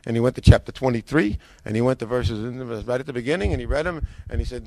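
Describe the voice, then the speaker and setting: A man telling his own conversion story in a lively way, acting out what people said to him, with frequent restarts. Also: mid-range voice, fast talker, vocal fry, few pauses, no room sound. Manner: animated, acts out quoted dialogue, frequent restarts. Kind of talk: personal testimony, storytelling.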